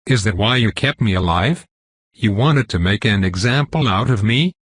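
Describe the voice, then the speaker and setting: A man's voice: lowish voice, lively intonation, moderate pace, breathy edge, no room sound, clean studio sound. A man voicing a veteran war mage who heads security, bitter and defiant.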